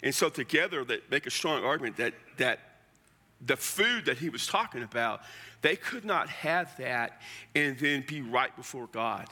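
A man's voice: medium pitch, animated, moderate pace, sharp tone, long reverb tail. A man preaching a sermon in a folksy, conversational way, with asides and restarts. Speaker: pastor.

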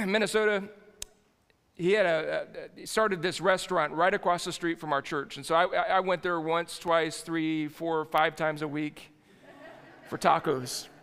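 High-voiced, gravelly male pastor. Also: fairly even intonation, unhurried, a bit bright. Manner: folksy and jokey, with frequent restarts. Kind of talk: conversational sermon. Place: church sanctuary. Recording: long hall reverb.

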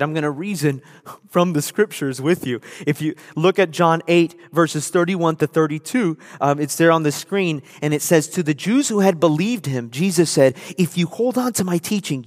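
Emphatic male pastor in a reverberant church. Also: on the high side. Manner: emphatic, repeats key phrases for effect. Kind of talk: sermon. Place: church sanctuary. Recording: long hall reverb.

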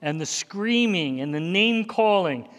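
A high-pitched man preaches slowly and earnestly, stacking up lists and turning to his congregation with plain questions. His voice rings out with a long hall reverb, as in a church sanctuary. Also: expressive, fairly bright tone. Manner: earnest, conversational preaching with repeated lists and asides. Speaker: pastor. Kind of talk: sermon.

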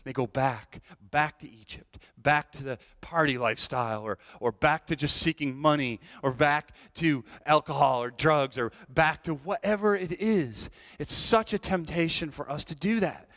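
A middle-aged man preaching a sermon, swinging between hushed whispers and loud, high exclamations, with many repeats and restarts. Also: normal speed, hardly any pauses. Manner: repeats and restarts words often. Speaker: pastor.

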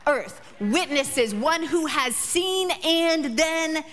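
A woman's voice: high voice, expressive, very slow, fairly bright tone, soft background music. A woman in her thirties preaching a sermon, building emphatic repeated lines and shifting into chatty stories about her children. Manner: emphatic repetition, rising passion. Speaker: pastor. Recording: long reverb of a large hall.

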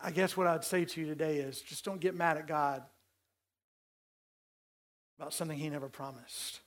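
A man's voice: fairly high pitch, fairly even intonation, moderate pace. A man preaching a sermon to his congregation, talking in a conversational way and repeating words for emphasis. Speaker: pastor.

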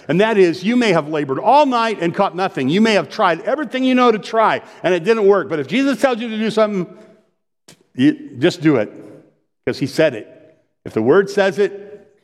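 Middle-aged pastor guy preaching, chatty and animated, cuts himself off a lot, bit high voice, big echoey church. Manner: animated storytelling, self-interrupting. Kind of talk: conversational sermon.

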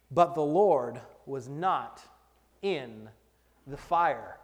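A man preaching a sermon as pastor, moving between hushed whispers and loud shouted refrains. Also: medium pitch, animated, extremely slow. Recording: long hall reverb.

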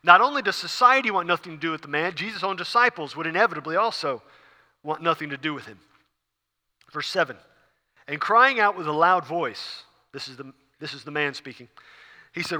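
Bright-voiced man preaching in a hall. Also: a little high, normal speed. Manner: explanatory, with many fillers and restarts. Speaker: pastor. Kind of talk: sermon.

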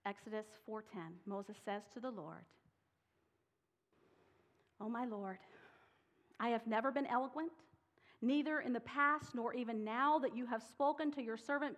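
A woman's voice: fairly high pitch, measured pace, fairly bright tone. A woman preaching a sermon, reading scripture dramatically and voicing the people she quotes with rising intensity. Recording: long hall reverb.

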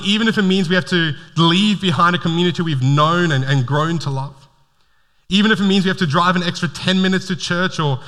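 A bright, forceful man preaching to his church, earnest and stumbling over the first words of his sentences. His voice rings through a church hall with a long reverb trailing after it, picked up on a stage mic. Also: high voice. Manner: earnest, repeats words when starting sentences. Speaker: pastor. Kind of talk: sermon.

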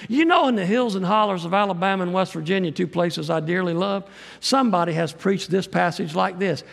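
A high-pitched man preaches in a folksy, animated way, his voice thick with gravel. It rings out with a long reverb, as in a big church hall. He often slips into acted-out quotes. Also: brisk. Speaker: pastor and missionary. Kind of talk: sermon.

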